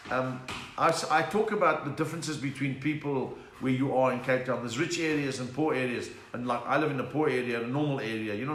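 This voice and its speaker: A middle-aged man with a South African accent, a comedian telling jokes and chatting with viewers on a home livestream. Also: mid-range voice. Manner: chatty, bursts into laughing song bits. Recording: echoey room with faint hiss.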